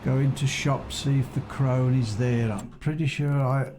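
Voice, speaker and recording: Male streamer, chatty and thinking aloud, mid pitch, steady hum of noise behind. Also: normal speed. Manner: musing, unsure, chats with viewers. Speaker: game streamer. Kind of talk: casual live-stream commentary. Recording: constant background noise.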